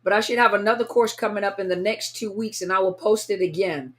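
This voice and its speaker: A woman's voice: medium pitch, quick pace. A woman hosting a casual live stream, greeting viewers one by one and sounding a little tired. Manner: warm, chatty, reads viewer names aloud. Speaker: livestream host greeting viewers. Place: at home, California.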